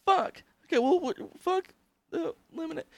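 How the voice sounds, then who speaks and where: A man's voice: very high voice, expressive, a little slow, no room sound. A young man co-hosting a podcast, trading crude jokes, laughing often and slipping into goofy put-on voices. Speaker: podcast co-host. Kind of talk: crude comedic banter.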